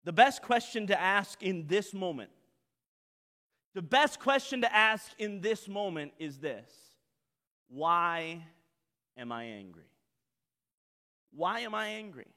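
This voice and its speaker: Pastor type, male, high bright voice, dramatic sermon delivery in a reverberant hall. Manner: dramatic preaching, acts out quoted voices, swings loud to soft.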